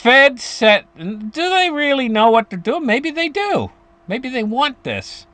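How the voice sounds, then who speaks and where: Animated high-pitched man explaining finance. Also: slow pace, dry recording. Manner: animated, rambling with restarts and chuckles. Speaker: finance commentator. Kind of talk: casual explainer to viewers.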